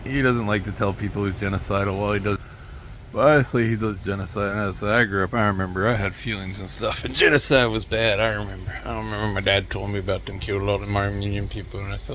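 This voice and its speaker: A man rambling through a solo monologue in a weary, mumbling, low-energy way. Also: fairly even intonation, fast talker, gravelly, a bit bright, slight background noise. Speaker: vlogger.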